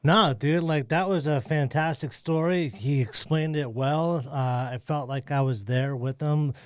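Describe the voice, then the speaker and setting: A man's voice: fairly high pitch, measured pace, smooth, no room sound, clean studio sound. A man co-hosting a podcast in loose, casual chat, swearing freely. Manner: loose, swearing, laid-back. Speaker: podcast co-host.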